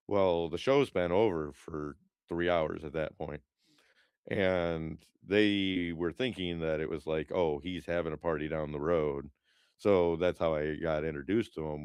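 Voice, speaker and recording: Man, deep smooth voice, dry close sound, casual rambling chat, swears a lot, podcast co-host. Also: no echo. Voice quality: smooth low voice. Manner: rambling, profane storytelling with lots of fillers.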